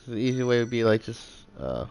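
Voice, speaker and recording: Smooth-voiced man thinking aloud while gaming. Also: medium pitch, big pitch swings, fast talker, a little mellow. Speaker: game streamer. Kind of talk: casual gameplay commentary.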